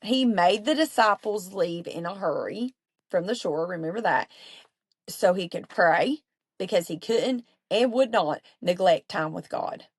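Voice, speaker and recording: A woman's voice: lowish voice, animated, measured pace, husky, dry recording. Earnest chatty woman teaching the Bible. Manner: chatty and earnest, with many fillers and asides. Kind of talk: casual Bible study talk.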